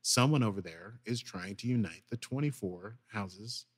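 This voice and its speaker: Guy on a podcast retelling an episode, lively, does little voices for the quotes. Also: on the low side, moderate pace, husky. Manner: animated retelling with acted quotes. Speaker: podcast co-host. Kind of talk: casual recap chat.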